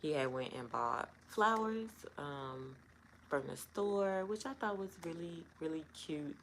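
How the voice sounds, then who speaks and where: A woman's voice: deep voice, lively intonation, a little slow, a bit bright, a little hiss or hum, rough recording. A middle-aged woman telling a personal story to camera in a casual, rambling way, full of "um" and "like". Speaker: vlogger.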